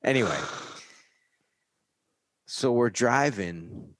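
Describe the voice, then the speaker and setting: A man in casual conversation, telling a story in an animated way and loudly acting out other people's lines. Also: medium pitch, very slow, dry recording. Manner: animated, acts out shouting cops.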